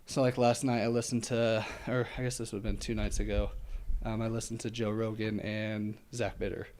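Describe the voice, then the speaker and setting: A slightly hissy or humming recording captures an ultramarathon runner as a guest in a casual interview. His lowish, somewhat mellow voice is flat and moderately paced, and he rambles with fillers, laughing easily while a bit out of breath.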